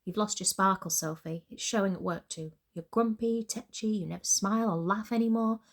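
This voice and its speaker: A woman's voice: medium pitch, fairly quick, lightly acted. A woman voicing a blunt, caring female friend and boss who pushes hard and talks matter-of-factly. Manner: pushy, insistent, matter-of-fact.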